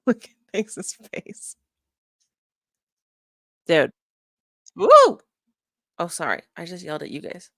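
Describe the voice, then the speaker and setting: A young woman talks on a desk mic in a casual livestream, rambling and swearing freely, dropping into mutters between lines. Her voice sits a little low, and the sound is close and dry with no room echo. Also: expressive, normal speed. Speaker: streamer reviewing a live stream. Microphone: desk microphone.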